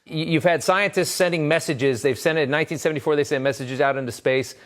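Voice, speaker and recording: A man presenting on television, posing a question to a guest quickly with slight hesitations. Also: a little high. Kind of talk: broadcast interview question.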